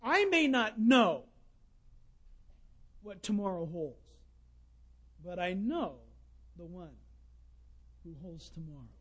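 A man preaching a sermon, telling folksy stories and swinging between loud bursts and hushed asides. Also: high-pitched, lively intonation, takes it slowly, pauses often, husky.

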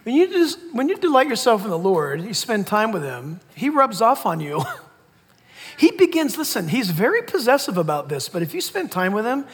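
A man's voice: high-pitched, very animated, moderate pace, breathy edge. A man preaching a sermon as pastor, emphatic, repeating key words and laughing between points. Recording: long hall reverb.

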